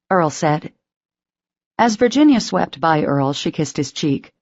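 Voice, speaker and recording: Female audiobook narrator, low voice, even read, dry muted studio sound. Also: takes it slowly, no echo, lo-fi sound.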